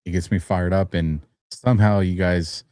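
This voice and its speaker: A tired man with a low, steady voice hosts a live-streamed talk show from a clean, echo-free studio, speaking at normal speed. He rambles casually and chuckles between phrases, growing heated and louder whenever he argues a point.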